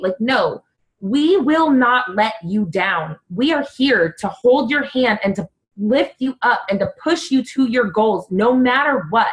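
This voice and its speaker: A woman's voice: fairly high pitch, rough recording. Earnest young woman giving a pep talk. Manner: earnest, animated, fast bursts with many "like"s. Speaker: fitness coach. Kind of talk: team coaching call pep talk.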